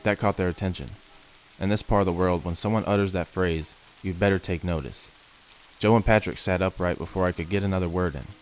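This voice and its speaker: A man reading first-person creature horror stories as scripted narration, in a slow, measured, ominous manner. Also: deep voice, clear, resonant tone, rough recording. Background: faint rain.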